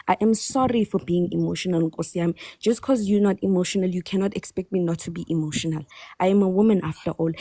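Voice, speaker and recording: A South African woman speaks on a live-stream panel in a warm, mellow voice, recorded dry and close on a phone. She argues with passion and insistence, pressing each point hard and defending herself against the men on the call. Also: mid-range voice, dry recording. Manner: impassioned, defensive, emphatic. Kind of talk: heated live-stream debate.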